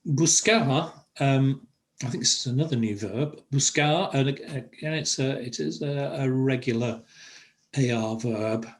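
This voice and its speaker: An older man teaching a Spanish class over a video call, pausing often with fillers. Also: mid-range voice. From England. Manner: halting, many fillers. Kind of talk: online language lesson.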